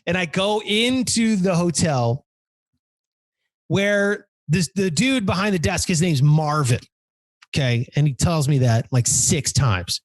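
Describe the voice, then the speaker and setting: A man's voice: fairly high pitch, slow pace, no room sound. A man in his thirties hosting a podcast, telling a story in casual chat, swearing and acting out the people in it. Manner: animated, swears a lot, acts out quoted people. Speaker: podcast host.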